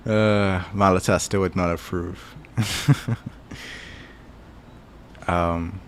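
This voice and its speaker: A man's voice: low-pitched, fairly even intonation, slow pace, pauses often, a little hiss or hum. A Trinidadian man casually chatting with his stream audience, rambling and thinking aloud with lots of filler words. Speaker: streamer answering chat. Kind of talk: casual chat.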